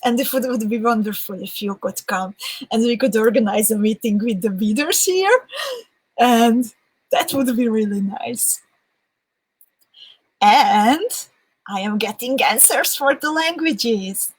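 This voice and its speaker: A woman's voice: on the high side, lively intonation, measured pace, long pauses, slightly rough, poor audio. A woman hosting a live beading session in a casual, chatty way. She reads viewer comments aloud and often laughs between them. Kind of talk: casual livestream chat.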